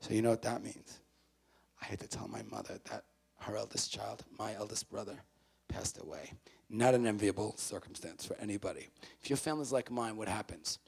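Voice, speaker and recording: A man speaking as a motivational speaker to a college audience. He is emphatic and repeats his key phrases, swinging from loud to hushed. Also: lowish voice, brisk, gravelly, husky. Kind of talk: motivational talk to students. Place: college event before a student audience.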